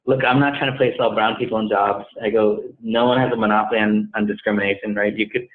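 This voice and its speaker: Male interview guest, fast storyteller, call-quality audio. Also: fairly low pitch. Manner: animated, acts out dialogue in retold conversations. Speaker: guest, staffing company head. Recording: tinny phone-like line.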